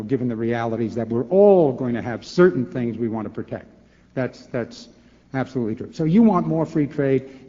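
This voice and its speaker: In a large lecture hall, a former governor in his sixties answers a forum question with animated, rhetorical talk in a mid-range voice. He acts out both sides of dialogues and repeats words as he restarts, captured on dull lo-fi tape with an echoey hall sound.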